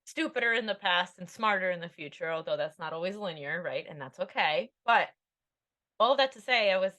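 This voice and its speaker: An author in her thirties rambles candidly through a podcast interview, self-deprecating and full of fillers. Her lowish voice is expressive and sharp in tone, moving at a fairly quick pace.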